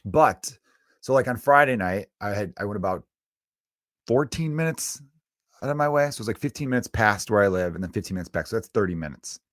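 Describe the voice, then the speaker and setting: A man in his thirties, a comedian hosting his own podcast, delivering an animated, self-mocking solo rant. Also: fairly low pitch, brisk, no echo, clean studio sound.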